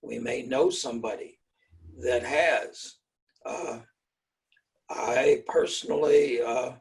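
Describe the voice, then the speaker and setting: An older man talks through his ideas in a slow, measured way and keeps clearing his throat. His voice has a gravelly rasp at the bottom. He sounds a little distant from the microphone. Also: mid-range voice. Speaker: speaker on fear and self-mastery. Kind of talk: explanatory talk.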